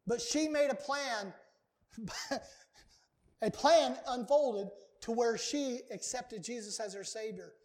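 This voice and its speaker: A man with a very high voice preaching in a church. He talks with earnest emphasis and leans hard on repeated words, the way a pastor drives a point home from the pulpit. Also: slow pace, long pauses, darkish tone. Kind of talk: sermon. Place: church sanctuary.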